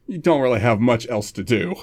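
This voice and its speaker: A young man in his twenties, a guest on a podcast, chatting casually with wry, self-deprecating humor and halting fillers. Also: medium pitch, animated, darkish tone. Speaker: podcast guest, game master.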